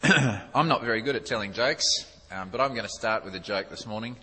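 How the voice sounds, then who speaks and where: A man's voice: lowish voice, fairly quick, pushed and bright, breathy edge. A man preaching a sermon as a visiting speaker, conversational and self-deprecating, with many fillers. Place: church. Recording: echoey church hall.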